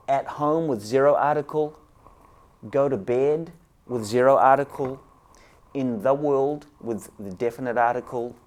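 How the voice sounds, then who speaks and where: Lively man teaching English grammar. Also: mid-range voice. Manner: explains step by step, often says "guys". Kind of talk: online grammar lesson.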